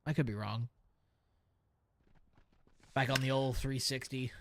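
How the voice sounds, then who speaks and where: A man chatting casually while streaming a baseball video game, with a New York accent and a habit of swearing and reacting loudly to plays. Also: medium pitch, steady tone, a little slow. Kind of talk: casual gaming stream chat.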